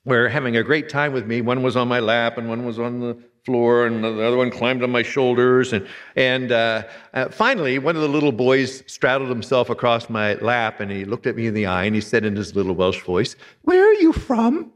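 A man's voice: mid-range voice, fairly even intonation, fairly quick, a bit bright, big-room sound. A man in his sixties from Pennsylvania, a retired pastor preaching a sermon with folksy, humorous storytelling. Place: church sanctuary.

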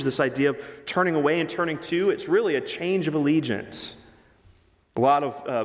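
A man preaching a sermon as pastor, emphatic, rising louder on key phrases. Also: on the high side. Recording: long reverb of a large hall.

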